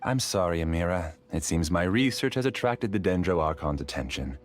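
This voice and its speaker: An actor playing a courteous, scheming scholar in a game, smooth and quietly sinister. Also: male voice, low voice, expressive, a little fast. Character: polite scheming man, scholar hiding secrets. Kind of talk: game character dialogue.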